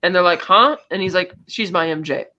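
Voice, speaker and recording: A man co-hosting a casual movie review chat, rapidly recapping the plot and acting out the characters' lines. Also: sits high, level tone, bright, forceful tone, muffled recording. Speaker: podcast co-host.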